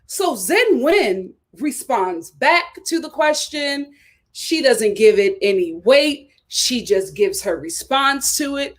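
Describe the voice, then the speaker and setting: A woman's voice: high-pitched, slow. Fired-up woman recapping reality TV. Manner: animated, indignant, rhetorical questions. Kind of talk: live reality show review.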